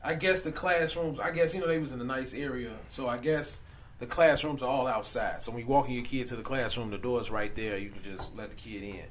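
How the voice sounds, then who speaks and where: A man's voice: mid-range voice, fairly quick. Slangy man hosting a podcast. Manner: loose, slangy storytelling with asides. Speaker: podcast host. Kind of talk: casual chat.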